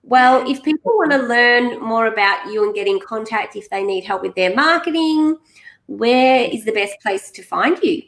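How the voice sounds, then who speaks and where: Australian woman, podcast host, bubbly, fairly high voice. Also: lively intonation, moderate pace, fairly bright tone, poor audio. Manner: bubbly, enthusiastic. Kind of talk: casual interview chat.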